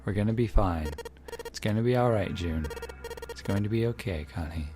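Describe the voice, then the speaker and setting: A man voicing a young man in a game reading, speaking in a soft, reassuring murmur. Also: fairly low pitch, normal speed, music in the background, natural voice. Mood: soothing. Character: gentle young man comforting a friend.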